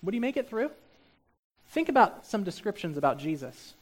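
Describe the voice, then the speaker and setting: A male pastor preaching a sermon, shifting between quiet, reflective asides and loud, emphatic stretches. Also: high voice, big pitch swings, normal speed.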